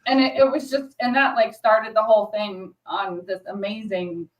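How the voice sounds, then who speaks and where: A woman's voice: medium pitch, normal speed, recorded from a distance, lo-fi sound, slight background noise. Gushing woman, a bit off-mic. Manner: gushing, animated storyteller. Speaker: co-host. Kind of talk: casual chat.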